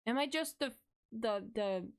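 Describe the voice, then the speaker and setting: Giggly female streamer, unhurried delivery, casual reaction chat. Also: a little high, lively intonation. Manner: giggly, quick to laugh.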